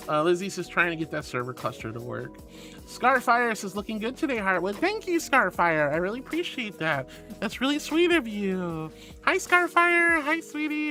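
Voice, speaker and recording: Brief: woman streamer, bright tense voice, gushing and playful with chat, soft music under. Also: low voice, gravelly. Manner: gushing and affectionate, sweet pet names; playful, meows and rawrs. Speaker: VTuber streamer. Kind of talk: casual live-stream chat, reading chat aloud.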